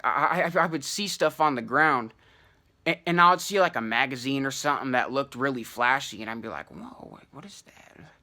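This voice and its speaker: Brash young man, bright slangy storytelling. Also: fairly high pitch. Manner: profane slang-heavy, animated, many fillers. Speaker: channel host telling a personal story. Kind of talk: casual storytelling to camera.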